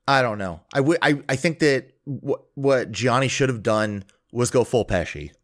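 A man's voice: medium pitch, lively intonation, normal speed, a bit bright. A man co-hosting a podcast, talking in a laid-back, crude, rambling way. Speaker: podcast co-host. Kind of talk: casual chat.

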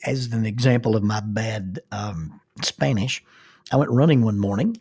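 Husky Southern man telling stories. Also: lowish voice, normal speed, a little mellow. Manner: folksy and self-deprecating, laughs while telling. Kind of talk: casual storytelling.

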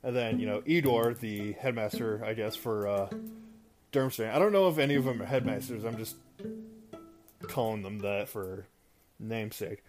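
There's guitar music behind this male host as he loosely narrates a movie plot in a voice on the low side at normal speed. He meanders, restarts often, fills gaps and laughs at his stumbles.

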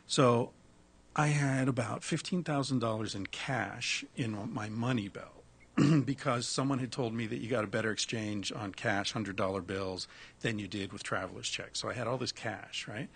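Brief: casual raconteur, husky and gravelly, animated and blunt. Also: male voice, lowish voice. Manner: animated, swears freely, restarts. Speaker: guest telling a travel story. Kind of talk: casual storytelling.

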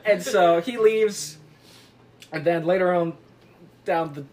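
A woman's voice: lowish voice, takes it slowly, crowd noise. A woman casually retelling a book plot to friends, rambling and giggling as she acts out the characters. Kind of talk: casual group chat. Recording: lively group laughing behind.

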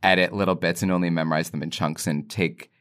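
A man chatting as a podcast guest, telling stories in a lively way and laughing easily. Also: low voice, quick pace, clear, resonant tone. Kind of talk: casual conversation.

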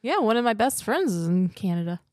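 A woman chatting casually on a podcast panel, friendly and quick to join in. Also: medium pitch, big pitch swings, darkish tone, no room sound, clean studio sound. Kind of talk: casual chat.

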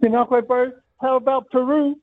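Man, New Zealand accent, radio caller, very high voice, excitable and rambling, tinny phone line, dry. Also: moderate pace, no echo. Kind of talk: casual phone call to radio.

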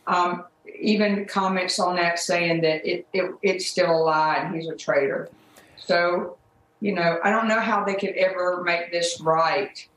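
A woman giving a TV interview as a mother, halting and upset, with many restarts. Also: lowish voice, a bit bright, reverberant, slight background noise, low-quality recording.

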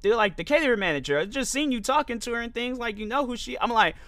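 A man's voice: extremely high pitch, lively intonation, fast, fairly bright tone, no room sound. A young man hosting a podcast, telling a loose, rambling story full of fillers and restarts. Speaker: podcast host. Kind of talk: casual storytelling monologue.

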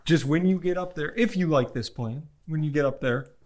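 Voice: medium pitch, a little fast, darkish tone. A tabletop game player talking casually in character, joking and laughing often. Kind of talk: casual chat while playing.

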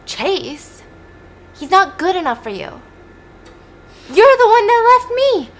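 Give me a woman playing an angry wounded young woman hurling insults, high-pitched. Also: big pitch swings, takes it slowly, faint music behind, exaggerated voice. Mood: furious. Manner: shouting insults, bitter.

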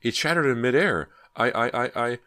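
A man's voice: moderate pace, pushed and bright, no room sound, studio quality, natural voice. Man doing a shrieking, terrified teenage girl. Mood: dazed, shaken. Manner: shrieking, shrill and frantic.

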